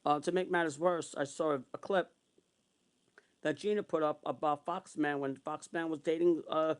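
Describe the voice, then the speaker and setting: A man's voice: on the high side, moderate pace, clean tone. Angry ranting man, raised voice. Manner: heated, repetitive, swearing; long retellings of arguments in quotes. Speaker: vlogger.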